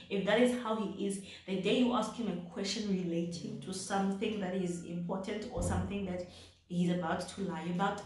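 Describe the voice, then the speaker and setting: A woman's voice: medium pitch, darkish tone. A woman from South Africa talks casually to camera, giving relationship advice. She repeats her points and checks in with "right?". Her voice rings around a very echoey room, picked up from a distance. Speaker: vlogger giving dating advice.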